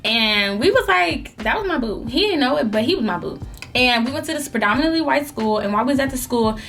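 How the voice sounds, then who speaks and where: A young woman vlogger telling a story in an animated, melodramatic way while eating, in a casual storytime chat. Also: on the high side, fast.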